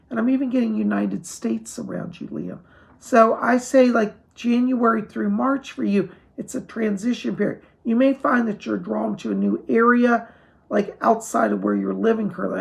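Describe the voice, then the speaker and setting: Hoarse, gravelly psychic man giving readings. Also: sits high. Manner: reassuring, relays spirit messages to viewers. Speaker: psychic medium. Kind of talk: live-stream psychic readings.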